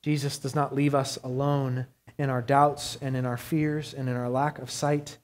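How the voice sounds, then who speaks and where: A man preaching a sermon as pastor, earnest, moving between hushed quiet passages and raised urgent ones. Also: mid-range voice, little pitch movement, moderate pace.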